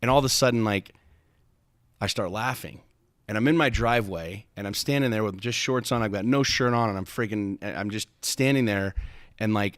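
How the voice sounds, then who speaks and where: A man with a low voice hosts a podcast, telling a personal story with intensity and emphasis. He swears freely and often stumbles over repeated starts. The sound is dry and close, with no room sound.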